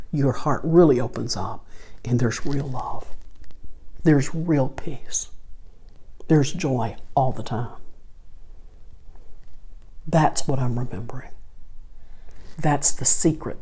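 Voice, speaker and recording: An older woman giving a spiritual talk, telling lively stories and slowing down to stress her points with earnest emphasis. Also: very deep voice, breathy edge. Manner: animated storyteller who acts out dialogue, then slows to earnest emphasis. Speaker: spiritual teacher.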